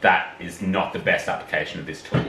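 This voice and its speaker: A man in a casual chat, skeptical and questioning, pushing back in a measured way. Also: low-pitched, steady tone, bright, forceful tone. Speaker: podcast co-host. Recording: roomy, distant mic with faint noise.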